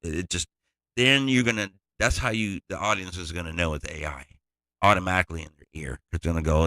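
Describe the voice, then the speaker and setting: A man's voice: low voice, fairly quick, pushed and bright, no echo. A man, a music producer, giving a loose, digressive tutorial walkthrough.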